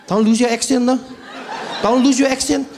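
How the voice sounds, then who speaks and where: A man putting on an eager, overfamiliar male fan, loud and drawn out. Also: very high voice, steady tone, pitched above the performer's own voice. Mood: pleading. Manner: loud, wheedling, drawn-out words.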